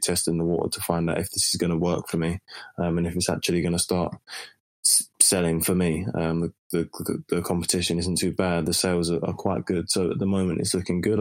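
Deep flat-voiced London man, hesitant. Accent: London English. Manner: hesitant, many fillers. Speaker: caller. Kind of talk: recorded listener question.

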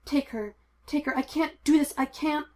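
A woman's voice: fairly high pitch, expressive, moderate pace, darkish tone. A woman voicing a male Jedi master who is dry and wry, then shaken, in an audiobook of fan fiction. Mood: panicked. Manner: dry wit, then breaking and whispering.

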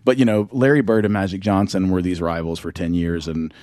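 A man co-hosting a podcast talks in a loose, rambling way, full of ums and restarts. His voice sits on the low side, recorded close and dry with no room sound. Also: fairly even intonation, a little fast, a little mellow, no room sound. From Southern United States. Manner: rambling, many fillers and restarts. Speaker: podcast co-host. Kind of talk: casual chat.

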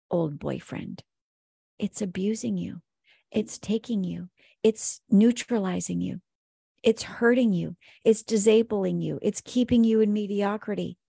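Woman, podcast coach, earnest and preachy, gravelly fry, mellow tone, dry close sound. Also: medium pitch, no echo. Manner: earnest, emphatic, preachy repetition. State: emotional. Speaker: faith-based weight loss coach.

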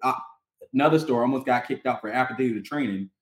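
Host: man, animated storyteller, mid pitch, roomy echo. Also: fast talker. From North Carolina. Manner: animated storyteller, acts out voices, laughs often. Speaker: podcast host. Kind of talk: casual chat. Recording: echoey room.

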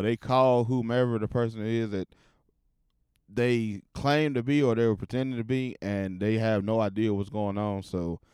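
Casual podcast host, man, lowish smooth voice, loose and profane, dry close sound. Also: a little mellow, no room sound. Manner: loose, profane, rambling with restarts. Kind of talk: casual solo podcast talk.

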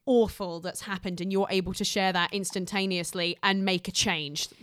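A woman's voice: mid-range voice, fairly even intonation, moderate pace, a bit bright, clean tone, no room sound, studio quality. A woman co-host chimes in with casual enthusiasm and the odd swear word. Her voice sits in a comfortable middle range. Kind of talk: casual chat.

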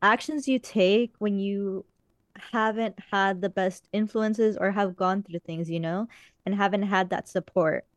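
Earnest rambling woman, smooth voice. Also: medium pitch, fairly even intonation, measured pace, no echo, studio quality. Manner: rambling, filler-heavy, earnest. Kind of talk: casual chat.

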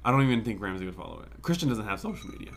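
A man's voice: lowish voice, sing-song, racing, creaky. Joking, swearing young man from Kansas. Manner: joking, swears casually, drifting tangents. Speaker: podcast co-host. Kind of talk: casual chat.

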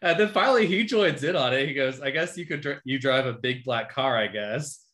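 Casual co-host, woman, bright edge to the voice, amused reader of dating chats. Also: very deep voice, animated, fairly quick. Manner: amused, laughing as she reads. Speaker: podcast co-host. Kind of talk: casual chat, reading dating messages aloud.

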